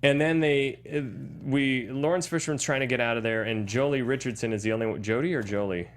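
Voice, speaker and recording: Man, thirties, podcast co-host, jokey, animated movie chat. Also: medium pitch, a little fast. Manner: jokey, animated, slips into silly voices.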